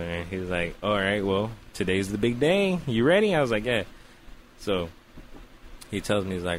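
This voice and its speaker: A podcast host with a low voice and normal speed tells a long comic story, full of casual, profane slang and animated impressions of the voices in it. A little hiss or hum sits under the recording.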